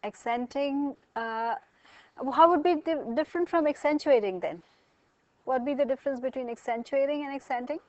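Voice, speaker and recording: A woman's voice: high-pitched, normal speed, no room sound, dull audio. Female lecturer asking her class questions. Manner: asks students questions, explains with examples. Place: college classroom.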